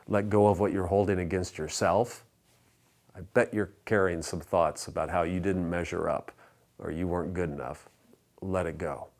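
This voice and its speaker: A low-pitched man preaching from the pulpit of a church. He speaks in a measured, reflective way, and his voice sinks almost to a whisper on the sayings he repeats. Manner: measured preaching with soft, hushed repeated refrains. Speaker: pastor. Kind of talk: sermon. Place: church sanctuary.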